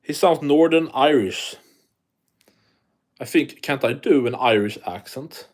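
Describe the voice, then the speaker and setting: A man's voice: mid-range voice, unhurried. A man from Sweden, hosting a casual live stream, chatting and reading the chat aloud while swearing freely.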